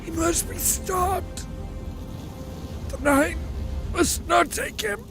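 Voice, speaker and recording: A man's voice: very high-pitched, expressive, drawn-out words, gravelly, full character voice. An actor voicing a dying, wounded man in a video game, pleading in a strained voice. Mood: urgent, dying. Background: game music.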